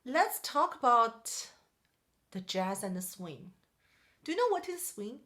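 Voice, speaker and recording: High-voiced woman teaching piano. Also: big pitch swings, takes it slowly, sharp tone. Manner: patient and explanatory, counts and sings rhythms aloud. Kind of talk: one-on-one music lesson.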